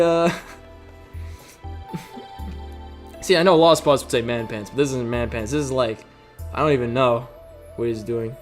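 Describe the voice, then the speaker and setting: A man's voice: mid-range voice, huge pitch swings, slow pace, long pauses, soft background music. A young man reading a visual novel aloud as host, with jokey, laughing asides between lines. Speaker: let's play host.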